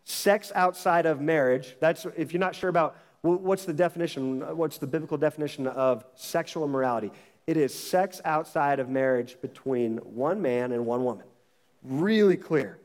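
A man's voice: fairly high pitch, normal speed, big-room sound. A man preaching a sermon as pastor, emphatic and repeating his phrases with frequent restarts.

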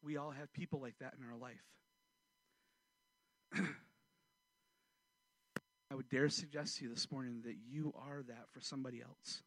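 Bright-voiced man preaching a story. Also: mid-range voice, moderate pace, pauses often. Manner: storytelling, animated, swings from loud to hushed. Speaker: pastor. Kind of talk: sermon with personal story.

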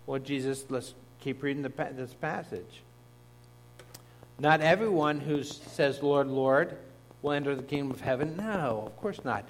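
A man's voice: medium pitch, moderate pace. A man, a pastor, preaching a sermon in a conversational teaching manner, with asides to the congregation. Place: church.

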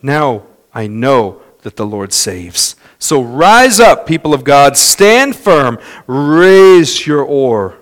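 A man preaching a sermon as pastor, swinging between loud, fast passages and soft, slow ones, and telling stories in others' voices. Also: medium pitch. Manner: dynamic preaching with wide swings in loudness and pace; storytelling with imitated voices of others.

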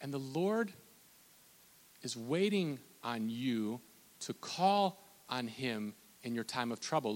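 A man preaching a sermon as a pastor, impassioned and repetitive, often restarting his phrases and stammering repeated words. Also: mid-range voice. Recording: long hall reverb.

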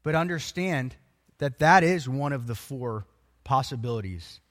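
A man preaching a sermon, emphatic and animated, quoting scripture. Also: mid-range voice, measured pace, in a large hall. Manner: animated and emphatic, acts out voices of people.

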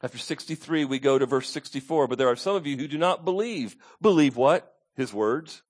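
A man's voice: mid-range voice, expressive, a little fast. A man preaching a sermon as pastor, emphatic, repeating his key points and asking the congregation to call out answers.

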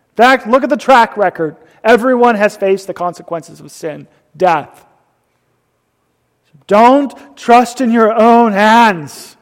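A man preaching a sermon, swinging between loud emphasis and hushed whispers. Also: very high-pitched. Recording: long reverb of a hall.

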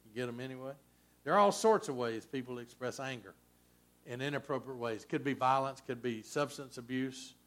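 A man preaching a sermon as a pastor, conversational and folksy, with frequent asides to the congregation. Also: brisk. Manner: conversational preaching, folksy asides, lively swings in pitch and loudness.

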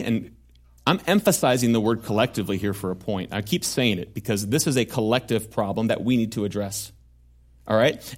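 A man preaches a sermon to his congregation in a church. His tone is earnest but conversational, with frequent asides to the listeners. His voice sits at a middle pitch. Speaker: pastor.

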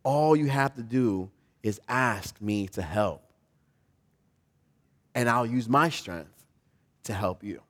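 A man doing a calm, gentle father. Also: slow pace, long pauses. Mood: reassuring. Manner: soft, low and reassuring. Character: calm, gentle father reassuring his son.

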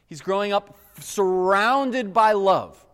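A man preaching a sermon. He tells a personal story in an earnest, animated way and keeps addressing the crowd as guys. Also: high voice, takes it slowly. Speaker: pastor. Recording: long reverb of a large hall.

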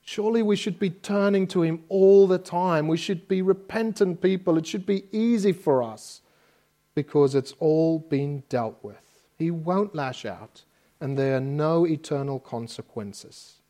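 A man's voice: a little high, a little mellow. A man preaching a sermon as pastor, in a conversational way with homely stories from family life and frequent checks like "okay?". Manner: conversational preaching with personal anecdotes; frequent restarts, asks listeners "okay?".

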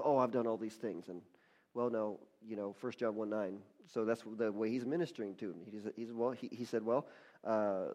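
Male pastor, mid-range voice, retelling a story in a sermon, halting restarts, climbs into fervent praise. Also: medium pitch, mellow. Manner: repeats and restarts words often, rising to fervent praise.

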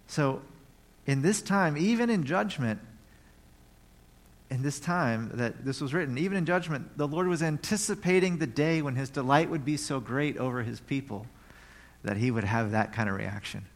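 A man preaching a sermon in a conversational way, reading scripture aloud and now and then breaking into joyful shouts. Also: mid-range voice, lively intonation, normal speed. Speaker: pastor.

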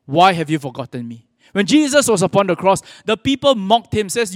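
Male preacher, high register, earnest and measured, long hall reverb. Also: very animated, clean studio sound. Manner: earnest preaching with pauses, quoting scripture. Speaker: pastor. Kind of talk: sermon.

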